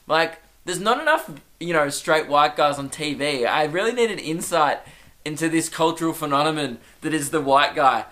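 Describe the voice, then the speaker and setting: A man's voice: on the high side, moderate pace, fairly bright tone. A young man hosting a solo comedy podcast, rambling and self-mocking and laughing at his own jokes.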